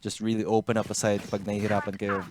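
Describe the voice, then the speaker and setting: A man giving measured, analytical color commentary on an esports match, mixing English and Tagalog. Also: lowish voice, monotone, dry recording. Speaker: esports co-caster.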